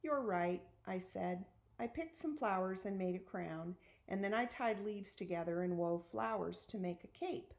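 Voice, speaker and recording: A woman reading a children's story aloud, narrating in a clear, steady way. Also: mid-range voice, normal speed, hardly any pauses. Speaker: storybook reader.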